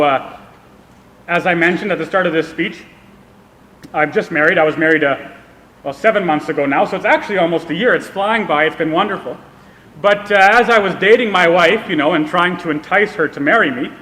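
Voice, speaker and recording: A man's voice: high-pitched, pushed and bright. A man giving a public speech at a political event, explaining an idea through a self-deprecating personal story. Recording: long reverb of a hall.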